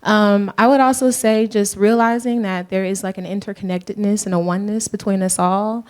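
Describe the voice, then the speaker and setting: A woman's voice: medium pitch, steady tone, fairly quick, darkish tone, clean tone. A woman from Georgia with a light Southern lilt speaks on a panel in front of a live audience. Her talk is earnest and reflective, and she calls the room "y'all.". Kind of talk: panel discussion.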